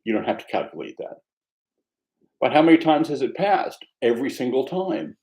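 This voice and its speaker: A man teaching meditation, speaking in a reflective, conversational way with a gently self-mocking humor. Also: medium pitch, very animated, normal speed, poor audio. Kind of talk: mindfulness dharma talk.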